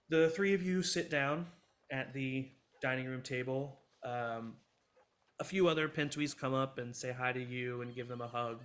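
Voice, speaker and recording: A man narrating as game master in a tabletop game, relaxed, with frequent filler sounds. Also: mid-range voice.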